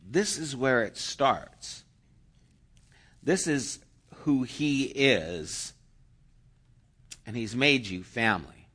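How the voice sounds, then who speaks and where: A man preaching a sermon, slow and emphatic, rising into loud cheering bursts. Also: mid-range voice, expressive, slightly rough. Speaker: pastor.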